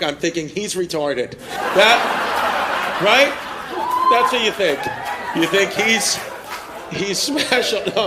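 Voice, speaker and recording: Guy doing stand-up crowd work, high voice, teasing people, crowd laughing loud in a noisy club. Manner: brash, teasing, laughs at own jokes. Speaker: stand-up comedian. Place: club stage with live audience. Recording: live club audio with crowd and noise. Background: audience laughter.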